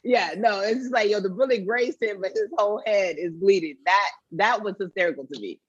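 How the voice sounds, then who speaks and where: Woman, thirties, animated storyteller, acts out quotes, dull dry lo-fi sound. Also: brisk, husky, no room sound. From Nigerian family, raised in America. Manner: animated storyteller, acts out quotes with big pitch jumps and laughter. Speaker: actress and comedian, guest. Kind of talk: casual interview chat.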